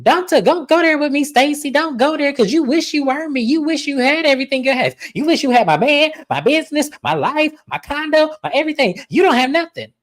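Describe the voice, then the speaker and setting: A woman putting on a high, squeaky voice for a shrill, boastful woman who taunts a rival. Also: lively intonation, fairly quick, hardly any pauses. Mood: taunting.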